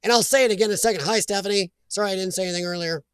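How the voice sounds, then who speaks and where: A man's voice: high voice, racing, a bit bright, clear, resonant tone, no room sound. An American man hosting a casual live stream chat, rambling and reading viewer comments aloud.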